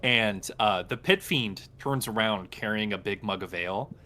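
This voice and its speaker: A man narrating as dungeon master in a casual, halting way with many fillers. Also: lowish voice, bright, forceful tone. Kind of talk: narrating a tabletop game.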